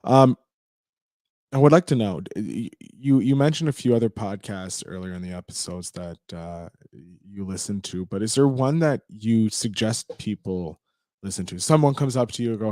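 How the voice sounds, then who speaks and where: A man's voice: fairly low pitch, expressive, normal speed, a little mellow, no room sound, clean studio sound. Upbeat man interviewing a guest. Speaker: podcast host.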